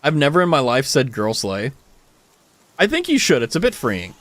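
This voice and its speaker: A man's voice: mid-range voice, normal speed, dry recording. A young adult man with an American accent, a streamer telling stories in casual chat with his viewers, full of fillers and swearing. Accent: General American. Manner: animated storytelling, frequent swearing, many fillers.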